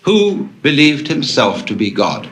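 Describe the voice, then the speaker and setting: A man's voice: mid-range voice, wildly swooping pitch, a little slow, fairly bright tone. A man giving a public lecture to an audience, telling wry anecdotes with chuckling asides.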